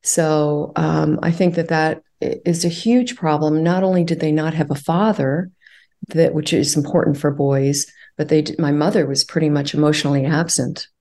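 A woman being interviewed, speaking in a reflective, halting way with frequent fillers and soft laughs. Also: low voice, steady tone. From California. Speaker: guest. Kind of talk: conversational interview.

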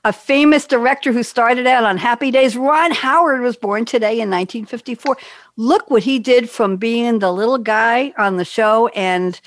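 A woman's voice: on the high side, moderate pace, no room sound. An older woman from New York hosting a talk show, chatting and telling stories with bubbly asides. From Queens, New York. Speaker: radio show host. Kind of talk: casual chat.

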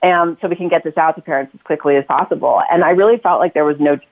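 Woman author, interview guest, talkative, lower voice, tinny phone audio. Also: quick pace. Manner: talkative, acts out quoted lines to her kids. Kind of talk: casual interview talk.

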